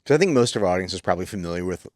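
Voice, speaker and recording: A man hosts a casual podcast interview in a fairly low voice that rises and falls with lively swings. His questions ramble and he swears offhandedly. The sound is close and dry. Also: very fast, dry recording. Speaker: podcast host.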